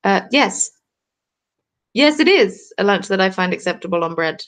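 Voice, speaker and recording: This crafting channel host is a woman in her twenties with a southern English accent, chatting casually live while knitting and taking viewer comments in a cold home. Her mid-range voice is fairly bright, with lively intonation and a moderate pace.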